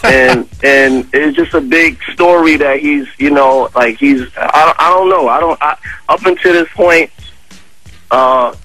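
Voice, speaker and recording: Radio guest, New York man, animated storyteller, slangy, dry studio sound. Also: on the high side, unhurried, no room sound, faint music behind, low-quality recording. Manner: animated, conversational, heavy with fillers and slang. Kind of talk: casual storytelling interview.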